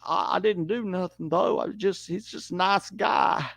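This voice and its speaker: A man doing an impression of an older male politician, with slow, drawn-out, mock-earnest denials. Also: sits high, creaky, fairly bright tone, no room sound, pitched above the performer's own voice, heavily acted. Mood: mock-innocent.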